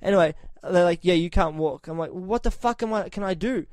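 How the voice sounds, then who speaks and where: A man's voice: high-pitched, brisk, no room sound. Profane, storytelling man on a podcast. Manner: profane, animated anecdotes with quoted voices. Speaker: podcast host. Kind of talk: casual storytelling chat.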